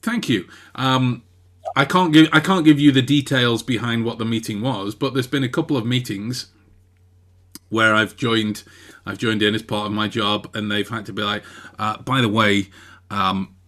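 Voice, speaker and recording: A man's voice: on the low side, steady tone, moderate pace, a bit bright. An English man co-hosting a podcast, chatting playfully with many stammering restarts. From England. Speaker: podcast co-host. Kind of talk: casual chat.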